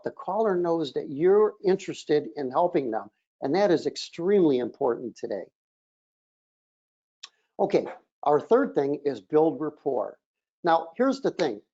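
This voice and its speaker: A shop trainer walks through phone-handling steps for a webinar, talking in an instructive, emphatic way. The voice is mellow and sits at a middling pitch. The recording sounds dull and lo-fi. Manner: instructive, emphatic, often starts points with "look". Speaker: auto repair shop trainer. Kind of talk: webinar presentation.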